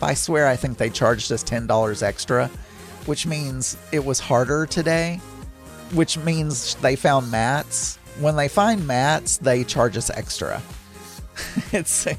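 Chatty, higher-voiced male podcast host. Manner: chatty, rambling, laughs easily. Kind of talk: casual solo podcast monologue. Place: home.

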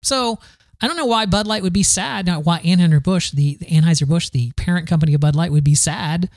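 A man's voice: a little high, a little fast, darkish tone, no room sound, studio quality. A man hosting a podcast, riffing through the news in a casual, sarcastic way, full of fillers and restarts. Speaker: podcast host.

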